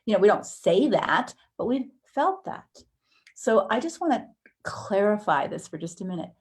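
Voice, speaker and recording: A woman teaching a counseling course in a conversational way, acting out inner thoughts with sudden jumps in pitch. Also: sing-song, normal speed, a little mellow.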